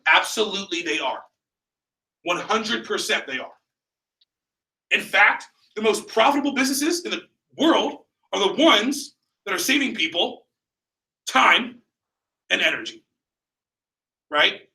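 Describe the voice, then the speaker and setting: A man's voice: high-pitched, sing-song, a little slow, long pauses, sharp tone. A man leading a sales training session, talking with energy and quizzing his group with questions. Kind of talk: training seminar talk. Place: training room. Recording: echoey room, mic far off.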